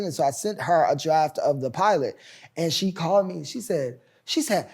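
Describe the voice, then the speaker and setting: A young man in his twenties tells his story in a relaxed interview. He acts out the people he quotes, jumping far up in pitch and volume for their lines. His telling is lively and full of expression. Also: fairly quick, husky. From United States. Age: 20s. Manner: animated, acts out quoted voices loudly. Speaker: playwright and showrunner guest.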